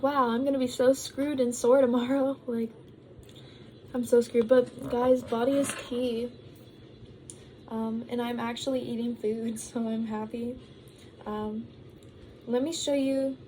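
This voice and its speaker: A young woman chats loosely to her vlog viewers, wandering from thought to thought with plenty of ums and likes. Her voice sits a bit high but has a soft, mellow tone. At times she talks through a mouthful of food. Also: slight background noise, poor audio. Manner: rambling, full of ums and likes; talks while eating. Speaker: vlogger. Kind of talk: casual vlog chat.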